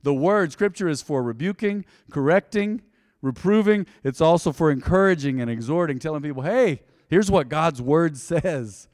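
A man's voice: a little high, lively intonation, moderate pace, a little mellow, no echo, studio quality, in a large hall. A man preaching a sermon as pastor, talking in a loose, joking way and calling on the congregation to answer back. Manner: conversational, joking, calls on the congregation to respond. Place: church sanctuary.

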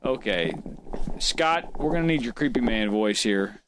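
A man's voice: medium pitch, animated, a little slow, noisy background. A man co-hosting a crude, casual chat podcast, joking bawdily, giggling and reading out news stories. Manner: bawdy, giggly, reads news stories aloud. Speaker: podcast co-host.

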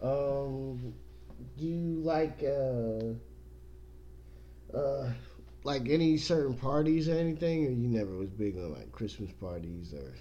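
A man's voice: medium pitch, slow pace, highs cut off. A young man hosting a casual podcast, joking and swearing freely. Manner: profane, joking, loud bursts of laughter. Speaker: podcast host. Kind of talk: crude casual podcast chat.

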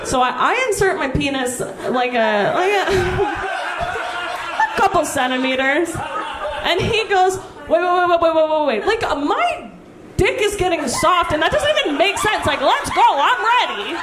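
A brash woman comedian tells a crude story in a stand-up set, with a high voice that swoops widely. She talks slowly, and the live stage recording is echoey with loud noise behind it. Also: sing-song.

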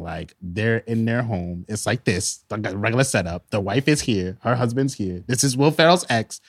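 A man's voice: lowish voice, a bit bright. A man co-hosting a podcast, chatting casually and laughing as he retells film scenes. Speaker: podcast co-host. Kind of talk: casual chat.

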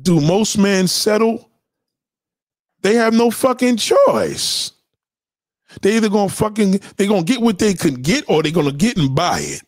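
Brief: high-voiced male streamer, lively swooping delivery, blunt and profane, dry close-mic sound. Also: a little slow, dry recording. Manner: blunt, profane, animated ranting; repeats points for emphasis. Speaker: livestream host reacting to chat. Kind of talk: unscripted livestream commentary.

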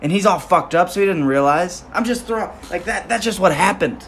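A young man hosting a podcast alone, ranting and rambling, swearing constantly and breaking into laughter, his volume swinging from loud outbursts down to mumbles. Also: sits high, lively intonation, brisk, slight background noise. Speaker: podcast host. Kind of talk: solo comedic podcast rant.

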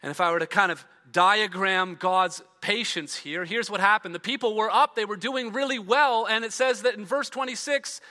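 High bright-voiced male preacher, echoing hall. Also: normal speed, hardly any pauses. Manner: reads scripture aloud, then explains with rising emphasis and trailing drops. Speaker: pastor. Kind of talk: sermon. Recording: long reverb of a large hall.

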